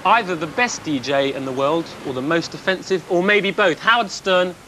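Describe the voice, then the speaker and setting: A man's voice: fairly high pitch, moderate pace, sharp tone, slight background noise. A British man presenting a late-night TV chat show, affable and a little flustered. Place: TV studio.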